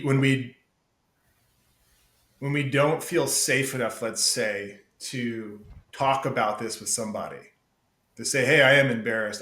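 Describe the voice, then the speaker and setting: A man's voice: medium pitch, fairly bright tone, reverberant, low-quality recording. A man talking candidly as a podcast guest, emphatic and profane, calling the host "dude" often. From United States. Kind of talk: casual candid conversation.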